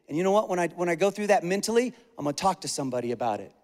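A man's voice: sits high, expressive, very fast, hardly any pauses, darkish tone. A man preaching a sermon as pastor, earnest and emphatic, repeating his key phrases. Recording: echoey hall reverb.

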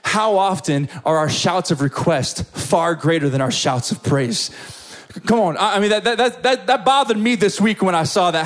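A man's voice: high voice, moderate pace. A young man preaching a sermon to young adults, telling a story with lots of energy and stammered repeats.

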